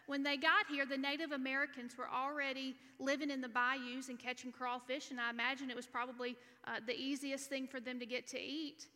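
Bright high-voiced woman preaching. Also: level tone, a little fast, hardly any pauses. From Alabama. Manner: earnest, teaching point by point. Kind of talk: sermon. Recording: reverberant church hall.

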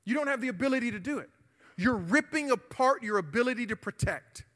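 A man, preaching a youth sermon and telling a story with energetic, shouted bursts. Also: very high-pitched, a little fast. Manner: animated, shouting during the retold confrontation. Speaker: youth pastor. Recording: hall reverb.

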